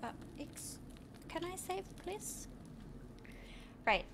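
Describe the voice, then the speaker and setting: A woman's voice: extremely high pitch, expressive, slow, vocal fry, pauses often, background noise. A woman streaming a game live, chatting playfully with her viewers and laughing often at her own jokes. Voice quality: giggly, playful, self-mocking. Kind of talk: live gameplay commentary.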